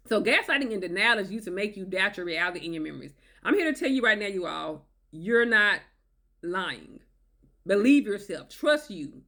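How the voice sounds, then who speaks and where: A woman's voice: medium pitch, sing-song, moderate pace, bright, forceful tone. Woman doing an advice vlog, emphatic, keeps saying okay, repeats points. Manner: emphatic, repetitive, checks in with "okay?". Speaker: relationship advice vlogger. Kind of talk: direct-to-camera advice talk.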